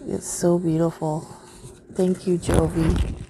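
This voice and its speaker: A woman's voice: on the low side, flat delivery, takes it slowly. Woman, crafting vlogger, gushing, unboxing chat, faint background noise. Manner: gushing, easily delighted.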